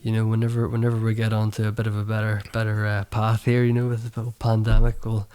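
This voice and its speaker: A man's voice: lowish voice, completely flat delivery, fast talker, mellow, clean tone. A man, a musician and producer guesting on a podcast, talking in an easygoing way. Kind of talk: casual chat.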